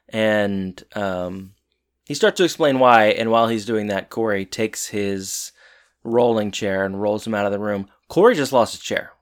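Male co-host, relaxed and hesitant, dry joking asides. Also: fairly low pitch, measured pace. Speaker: podcast co-host. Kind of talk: casual chat recapping a TV episode.

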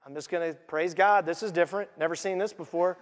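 A man voicing a bewildered disciple who feels left out, talking quietly and hesitantly. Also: sits high, fairly even intonation, fast talker, voice pushed down, natural voice. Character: puzzled disciple man left out, mumbling and unsure. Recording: long hall reverb.

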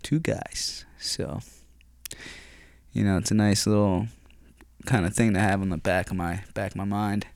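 A young man with a low voice tells a rambling story in a loose, profane ramble. He sounds close to the mic in a dry room with no echo. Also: steady tone, measured pace, creaky, long pauses, a little mellow. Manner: rambling, profane, swears constantly. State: recovering from surgery. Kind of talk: casual storytelling.

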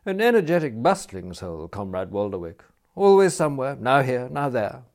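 A man voicing a genial gentleman of leisure who speaks in cordial, ornate, mock-solemn phrases. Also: mid-range voice, big pitch swings, moderate pace, pitched above the performer's own voice.

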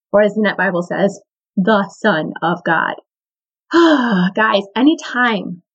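A woman's voice: medium pitch, breathy edge, muffled recording. A woman hosting a podcast, teaching a Bible story in a casual, enthusiastic way, with lots of "I mean" and "like". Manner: chatty and enthusiastic, full of "I mean" and "like".

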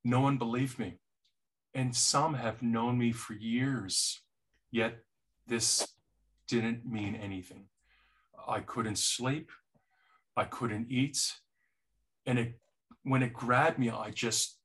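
Slow, earnest male preacher. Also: medium pitch, fairly even intonation, a bit bright, husky. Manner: slow, earnest and personal, with repeated starts. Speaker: pastor. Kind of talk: sermon.

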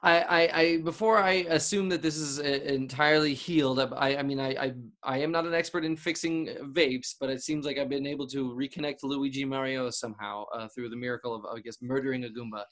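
A man's voice: mid-range voice, steady tone, brisk, hardly any pauses, fairly bright tone. A man hosting a parody advice show, overly polite and hesitant, with many restarts. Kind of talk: mock talk-show hosting.

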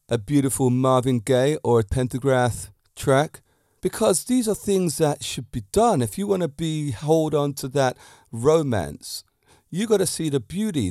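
A man hosting his own podcast, a fitness teacher talking about romance in a lively, preachy way with many rhetorical questions into a handheld mic. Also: mid-range voice, dry recording, clean studio sound. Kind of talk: solo podcast talk on romance.

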